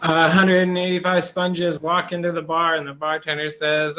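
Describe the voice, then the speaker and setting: A man improv performer telling a joke over a video call with emphatic, drawn-out delivery. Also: a little high, flat delivery, pushed and bright.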